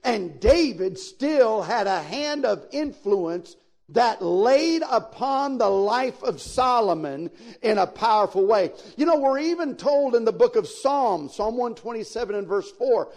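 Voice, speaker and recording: Unhurried and deliberate, a male pastor preaches in a high, gravelly voice full of expression. He speaks folksily and straight to his audience, asking whether they follow him, and surges into sudden loud bursts of emphasis.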